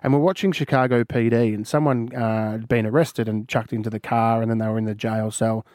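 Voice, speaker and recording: Middle-aged aussie guy telling a story on radio, chatty, mid pitch, dry mic. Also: level tone, a little fast, a little mellow, no echo. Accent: Australian. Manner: storytelling, laughing through anecdotes. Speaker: radio co-host. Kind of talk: casual radio banter.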